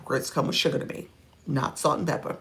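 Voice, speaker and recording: Speaking a little fast in a low, steady, gravelly voice with a fairly bright tone, a middle-aged woman who coaches and livestreams reacts to comments from viewers. She keeps it playful and laughs a lot between remarks.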